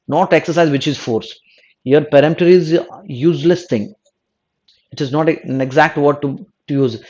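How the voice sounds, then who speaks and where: The lo-fi recording catches a male exam coach from South India with a slightly high, darkish voice, talking at a moderate pace. He works through test answers, repeatedly restarting and rephrasing mid-sentence and asking "no?".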